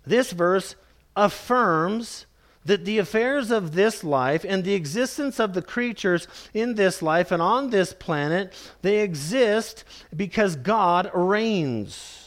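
A man preaching a sermon, slow and emphatic, repeating key phrases and calling his listeners "beloved". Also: high voice, animated.

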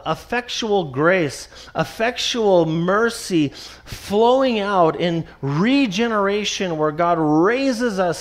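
Slow, emphatic male preacher. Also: sits high. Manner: emphatic, repeats key phrases, slows to stress scripture. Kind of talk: expository sermon.

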